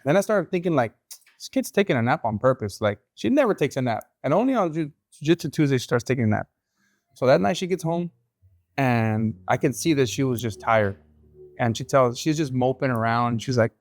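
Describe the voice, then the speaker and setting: A man's voice: mid-range voice, lively intonation, fairly quick, no echo, clean studio sound. A man, hosting a podcast and telling stories in casual chat, slipping between English and Spanish. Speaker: podcast host.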